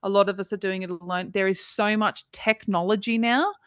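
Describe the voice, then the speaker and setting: A woman's voice: mid-range voice, steady tone, fairly quick, no room sound. Earnest emotional woman, dry sound. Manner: earnest, emotional, many fillers and restarts. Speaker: podcast co-host. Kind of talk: casual heartfelt conversation. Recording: dry, slightly dull audio.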